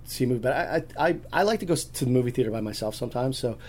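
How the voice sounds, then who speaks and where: A man's voice: mid-range voice, lively intonation, very fast, a little mellow, slight background noise. Rambling male podcast guest. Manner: rambling storyteller, many restarts. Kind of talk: casual chat.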